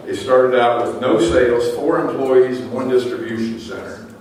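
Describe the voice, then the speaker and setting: A man's voice: medium pitch, steady tone, normal speed, a little mellow. A middle-aged man giving a teasing roast speech at a banquet, telling anecdotes with dry punchlines. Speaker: roast speaker at an awards dinner. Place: large banquet hall. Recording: very echoey hall, distant mic, faint room noise.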